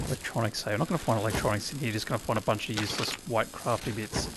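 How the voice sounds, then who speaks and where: A man's voice: fairly low pitch, racing. A man with an Australian accent giving wry, chatty commentary to himself as he plays a survival game. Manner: chatty, wry, talks to himself while playing. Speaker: gaming YouTuber. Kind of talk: casual gameplay commentary. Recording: clear background game noise.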